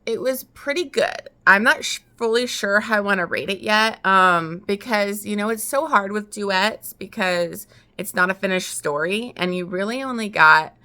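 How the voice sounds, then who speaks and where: Woman, book vlogger, bright tone, mid pitch, casual rambling recap, lots of fillers. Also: normal speed, hardly any pauses. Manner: chatty, lots of likes and ums. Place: at home getting ready for work.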